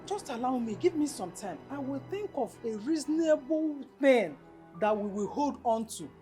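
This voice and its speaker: An actress playing a calculating mother with a Nigerian accent, soothing on the surface but plotting underneath. Her voice sits a little high and moves a lot, with faint music in the background. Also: expressive, normal speed, dark tone. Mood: coaxing. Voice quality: low-key, coaxing and persuasive.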